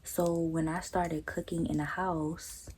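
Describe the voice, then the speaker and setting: A young woman telling a story to her vlog audience in a blunt, profane, animated way, sometimes jumping to high incredulous tones. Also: takes it slowly, a little hiss or hum, rough recording. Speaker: vlogger. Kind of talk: casual storytelling rant.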